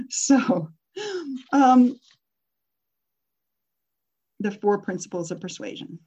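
A woman's voice: mid-range voice, sing-song, drawn-out words, a little mellow, husky, dull audio. A woman teaching a persuasion workshop in a casual, conversational way, often putting questions to her audience.

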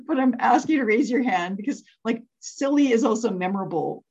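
A woman's voice: on the high side, lively intonation, brisk, few pauses, darkish tone, husky, muffled recording. A woman leading an interactive workshop for entrepreneurs. She laughs often and asks the group to raise their hands.

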